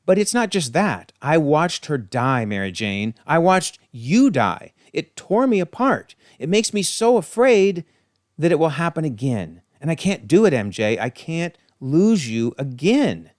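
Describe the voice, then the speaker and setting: A man's voice: a little high, big pitch swings, unhurried, no echo, studio quality. A man reading aloud the lines of an earnest young male hero, anxious about losing his wife. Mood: anguished. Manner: read aloud from comic panels.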